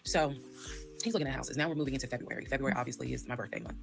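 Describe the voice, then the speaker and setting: A woman's voice: very deep voice, racing, creaky, faint music behind. A woman telling her own story in a candid, profane way, acting out the dialogue she quotes. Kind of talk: storytime monologue.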